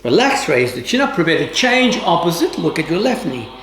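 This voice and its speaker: A woman yoga teacher giving calm, measured instructions with formal, old-fashioned phrasing during a guided class. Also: fairly low pitch, a little hiss or hum. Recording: roomy, echoey room.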